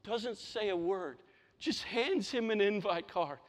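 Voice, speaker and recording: A man's voice: high-pitched, lively intonation, unhurried. A man preaching a sermon to his church, impassioned, often repeating words as he stresses a point. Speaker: pastor. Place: church sanctuary. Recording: long reverb of a hall.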